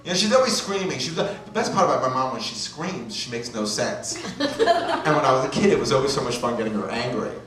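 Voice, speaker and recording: A man's voice: mid-range voice, huge pitch swings, quick pace. A male stand-up comedian from Brooklyn, telling self-mocking stories in a rambling, chatty way on a club stage, heard from far off with an audience laughing. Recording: echoey club from far off with crowd.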